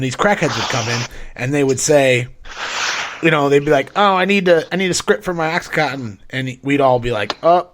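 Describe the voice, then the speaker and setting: A man's voice: medium pitch, noisy background. A man telling a profane story in casual podcast chat, acting out the people he quotes.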